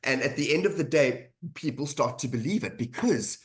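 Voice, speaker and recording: A man's voice: medium pitch, expressive, moderate pace. Male webinar presenter, mid-range voice, chatty lecture on leadership, repeats lines to drive points home. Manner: conversational, repeats key phrases for emphasis. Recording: webinar audio.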